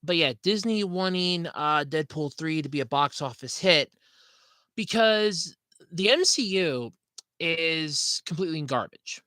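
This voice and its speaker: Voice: medium pitch, expressive, a little slow, bright, forceful tone, no echo. Rambling, scatterbrained podcast host, dry sound. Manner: apologetic, frustrated rant. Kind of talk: casual livestream chat.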